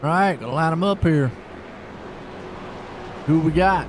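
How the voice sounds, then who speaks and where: A man giving live play-by-play on a sim race, folksy and excitable, chatting with viewers between calls. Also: fairly high pitch, measured pace. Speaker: sim racing commentator. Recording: noisy stream with car engine sound.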